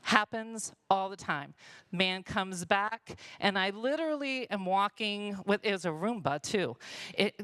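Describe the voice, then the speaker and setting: A woman's voice: medium pitch, fairly bright tone, no echo, rough recording. A woman telling heartfelt stories about her work leading a charity store, at a church gathering. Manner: heartfelt storytelling, emotional. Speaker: charity store volunteer leader. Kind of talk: church testimony talk.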